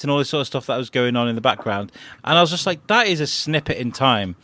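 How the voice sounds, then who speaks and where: A man's voice: medium pitch, expressive, fast, sharp tone, no room sound. A man, a podcast co-host chatting casually, rambling and enthusiastic with lots of fillers. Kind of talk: casual chat.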